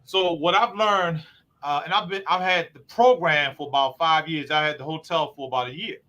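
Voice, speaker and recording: A man's voice: on the high side, normal speed, sharp tone, dull audio. A man who runs a recovery program, hosting a talk show and explaining his work earnestly. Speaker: host, recovery program owner. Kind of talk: conversational talk show discussion.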